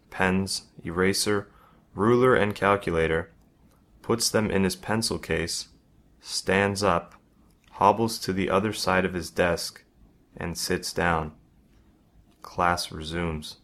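A man narrating a first-person story in a measured, even reading. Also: low voice.

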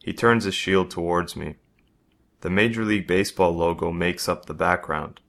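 A man narrating a first-person story in a measured, even reading. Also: sits low, gravelly.

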